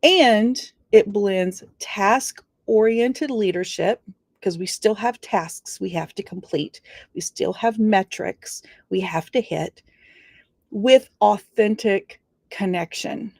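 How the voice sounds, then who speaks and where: A woman's voice: mid-range voice, slow, darkish tone, dry recording, studio quality. A woman giving an earnest motivational talk on leadership, stressing key words and drawing them out. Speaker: leadership speaker. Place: studio.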